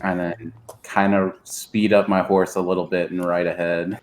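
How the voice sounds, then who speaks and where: A man in a casual tabletop role-play over voice chat, speaking calmly and drily in character. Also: low voice, normal speed, a little hiss or hum. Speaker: player.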